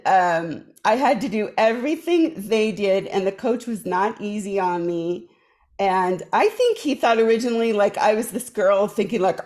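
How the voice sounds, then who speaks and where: A woman telling a long funny story in casual chat, acting out the voices of the people she quotes, on a video call. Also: fairly high pitch. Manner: animated, acts out quoted voices. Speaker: guest performer.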